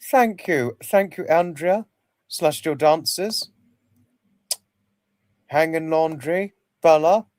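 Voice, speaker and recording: A man's voice: on the high side, slow pace, long pauses, a little mellow, dry recording. A man hosting a casual livestream, rambling, repeating himself and greeting viewers by name. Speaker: livestream host.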